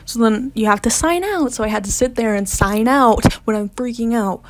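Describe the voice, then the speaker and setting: Against background noise, a young woman vlogger with a slightly high voice tells a personal storytime at a moderate pace. Her style is chatty, with lots of "like," and she whispers as she relives moments of panic.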